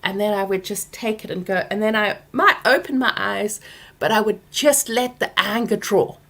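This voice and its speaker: A middle-aged woman hosting a workshop Q&A, speaking softly and gently and sometimes dropping to a whisper. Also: medium pitch, moderate pace, gravelly. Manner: soft and gentle, drifting into whispers; acts out anger with loud groaning sounds. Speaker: workshop host answering questions. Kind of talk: Q&A talk to an audience.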